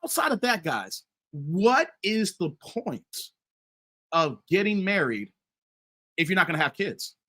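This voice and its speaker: A middle-aged commentary channel host runs a casual live stream, his high-pitched voice bright and forward but a little slow. Animated, he keeps calling his viewers "guys" and "fellas," repeating himself and restarting stumbling sentences often.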